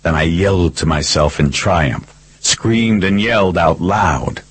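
A man narrating a first-person thriller audiobook in a steady, terse way. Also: low voice, unhurried, husky, rough recording.

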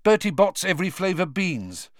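A man's voice: high voice, very animated, moderate pace, no echo, clean studio sound, pitched above the performer's own voice. A man voicing a flustered, impatient teenage boy wizard, talking urgently. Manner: urgent, exasperated guessing.

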